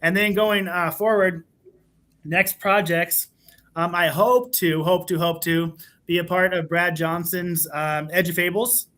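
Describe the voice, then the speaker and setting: Brief: male school leader guest, high bright voice, sincere storyteller. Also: fairly even intonation, a little slow. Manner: earnest, warm storyteller with fillers. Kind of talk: casual panel storytelling.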